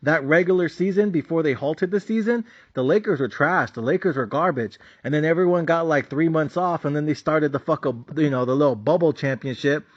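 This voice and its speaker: A man giving a blunt, profane, casual rant about basketball as a channel host. His voice sits a bit high, and the recording is dull and lo-fi. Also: a little fast, hardly any pauses. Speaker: sports betting channel host. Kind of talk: casual ranting commentary. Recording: dull lo-fi sound.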